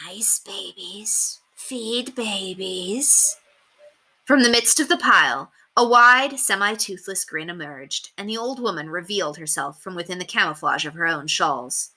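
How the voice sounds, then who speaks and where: A woman teacher reading a chapter book aloud with expressive storytelling. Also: fairly low pitch, normal speed, few pauses.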